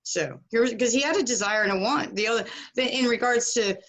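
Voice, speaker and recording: With a slightly high voice and a brisk pace, a middle-aged woman tells a casual story on a podcast where she's a guest, animatedly performing the voices of those she quotes.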